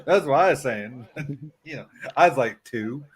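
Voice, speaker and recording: Animated, laughing man on a livestream. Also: mid-range voice, measured pace. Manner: loud, laughing, swearing, animated. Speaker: livestream host. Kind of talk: casual chat.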